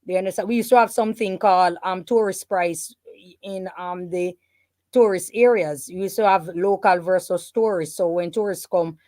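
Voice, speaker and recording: A woman giving calm, explanatory replies in a casual panel discussion. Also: on the low side, normal speed, no room sound.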